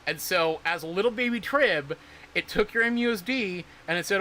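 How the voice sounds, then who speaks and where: A man's voice: high voice, moderate pace, bright, forceful tone, a little hiss or hum. A man streaming casually about crypto, rambling and swearing in exasperation. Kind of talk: casual livestream talk.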